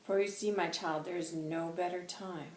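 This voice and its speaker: A woman voicing a wise old male spirit guide who speaks in formal, old-fashioned phrases, softly and half-whispered. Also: lowish voice, fairly even intonation, normal speed, roomy sound, a little hiss or hum, natural voice. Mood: teaching.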